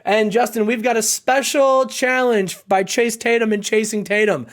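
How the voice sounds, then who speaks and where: A man's voice: high voice, steady tone, normal speed. Chatty man narrating a wrestling game. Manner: chatty, laughing, retells scenes. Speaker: gaming channel host. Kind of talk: playful game commentary.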